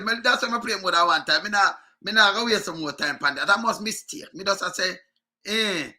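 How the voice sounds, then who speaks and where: A Jamaican man comments in a casual, argumentative way and keeps circling back to the same point. His voice sits high and sounds strikingly bright and sharp. He laughs now and then while he talks. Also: brisk. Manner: argumentative, repeats himself, chuckles often.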